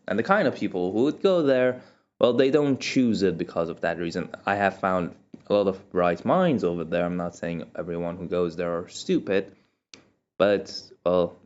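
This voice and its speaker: A young man with a fairly low voice tells a story from his own life in a loose, rambling way, full of self-mocking asides. The recording is dull and lo-fi, with a muffled home-mic sound. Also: a little mellow. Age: young adult. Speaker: vlogger telling a personal story. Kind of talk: casual storytelling monologue.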